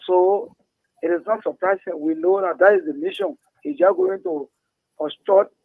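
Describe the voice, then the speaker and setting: A man calling in to a talk show with a halting political comment, restarting his phrases. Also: high-pitched, wildly swooping pitch, gravelly, no room sound. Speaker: caller. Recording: tinny phone line.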